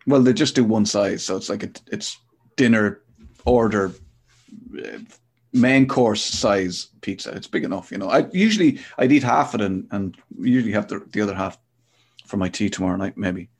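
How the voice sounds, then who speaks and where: A man hosting a loose, casual podcast chat, quick to laugh. His voice sits low and gravelly with a husky edge. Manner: chatty, laughs often. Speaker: podcast host.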